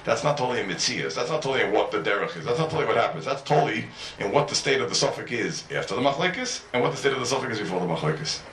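A man's voice: mid-range voice, expressive, rapid-fire, few pauses, fairly bright tone, a little hiss or hum. A man leads a Talmud lesson and throws rhetorical questions at his class. His voice swoops up and down as he argues each point. It rings in a roomy hall, picked up from some distance away. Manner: mixes English with Hebrew and Aramaic study terms. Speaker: Talmud teacher. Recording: roomy echo, mic at a distance.

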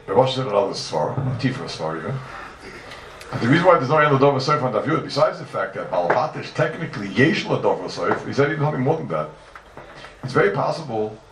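Animated man teaching a Talmud class. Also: mid-range voice, a little hiss or hum. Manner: animated, repeats questions, mixes Hebrew and Aramaic terms into speech. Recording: echoey room, mic from far off.

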